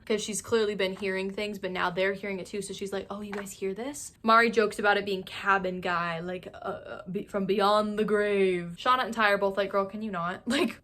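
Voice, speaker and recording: A young woman casually recapping a TV show, animated and gossipy, with lots of "like" and frequent laughs. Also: mid-range voice. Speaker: YouTube TV recap host. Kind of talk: casual, chatty episode recap.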